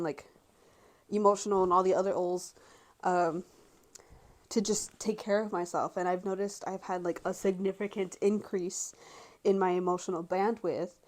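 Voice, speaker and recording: Rambling young woman talking to camera. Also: mid-range voice. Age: 20s. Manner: rambling, heavy use of filler words, frank and expressive. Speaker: vlogger. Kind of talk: casual monologue to camera.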